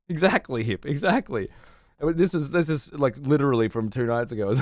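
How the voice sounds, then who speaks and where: A man's voice: mid-range voice, expressive, normal speed, a little mellow, no room sound, studio quality. An Australian man streaming live, ranting in a rambling, profane and sarcastic way. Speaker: livestreamer. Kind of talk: casual livestream rant.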